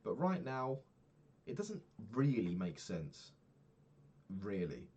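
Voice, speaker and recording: A man's voice: fairly low pitch, wildly swooping pitch, slow pace, a little mellow. A young man from the UK talking through his week in a rambling, casual diary vlog, swearing often and losing his thread. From United Kingdom. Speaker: vlogger.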